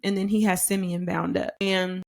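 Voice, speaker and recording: A woman hosting a podcast Bible study, teaching in a conversational, emphatic way and reading scripture slowly and deliberately. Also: lowish voice, little pitch movement, vocal fry, darkish tone.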